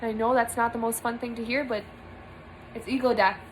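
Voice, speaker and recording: A young woman speaks earnestly to her camera, giving a spiritual monologue from a small room. Her voice sits a little high, and she leans on repeated phrases for emphasis. A faint hiss of background noise runs under the recording. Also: fairly even intonation, a little fast, rough recording. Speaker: spiritual vlogger.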